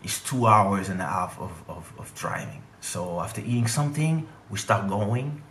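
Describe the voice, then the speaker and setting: A man from DR Congo, telling a storytime vlog with animated, emphatic delivery. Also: fairly low pitch, normal speed, a little hiss or hum. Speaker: vlogger and singer. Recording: echoey room.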